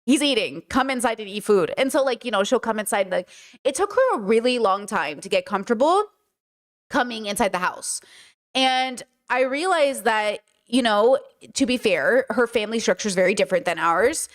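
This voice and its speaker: A young woman hosting a live stream, chatting casually and telling family stories with lively acted-out quotes. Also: on the high side, moderate pace. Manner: animated storyteller, acts out family members' lines. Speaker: streamer host.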